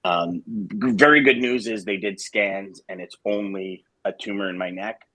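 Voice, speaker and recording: Deep husky-voiced male show host. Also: steady tone, normal speed, bright, forceful tone, no room sound, rough recording. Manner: frank and emotional, with blunt swearing and jokes. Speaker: co-host of a live sales morning show. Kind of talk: candid casual talk to listeners.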